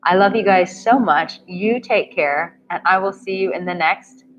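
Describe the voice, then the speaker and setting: A woman's voice: lowish voice, moderate pace, lo-fi sound, slight background noise. A woman dating coach answering viewer questions on a live stream, upbeat and encouraging as she talks straight to her viewers. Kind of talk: live-stream Q&A reading chat comments.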